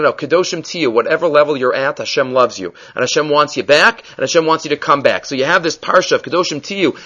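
A man giving a daily Torah class, quickly quoting Hebrew sources and explaining them in English in an earnest, explanatory way. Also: high voice, fairly bright tone. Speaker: Torah teacher.

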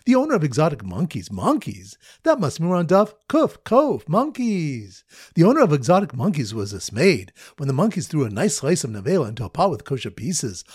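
A man teaching a Talmud lesson through mnemonic stories, in a lively storytelling manner with sing-song emphasis on repeated phrases. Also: on the high side, breathy edge, no echo, studio quality.

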